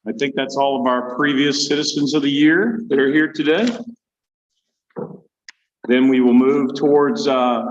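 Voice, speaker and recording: Man emceeing in an echoey hall. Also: mid-range voice. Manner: halting, with fillers. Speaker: meeting emcee. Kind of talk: event introduction. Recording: muffled echoey hall with faint noise.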